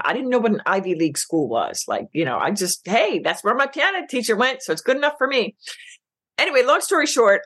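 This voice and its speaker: A middle-aged woman, a business coach, telling her story as a podcast guest, emotional and animated, acting out quoted lines. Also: medium pitch. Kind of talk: casual interview chat.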